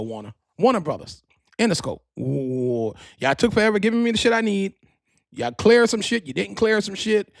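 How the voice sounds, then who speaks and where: A male podcast host with a high, husky voice that carries gravel and fry. He rambles through profane gossip in lively swoops of pitch. The room sounds dry and close. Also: no echo. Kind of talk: casual storytelling monologue.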